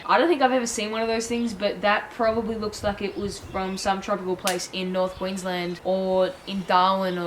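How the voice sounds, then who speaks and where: A woman's voice: medium pitch, a little hiss or hum, rough recording. Chatty Australian teen girl. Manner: chatty, rambling. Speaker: YouTuber. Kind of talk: casual reaction video. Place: bedroom at home.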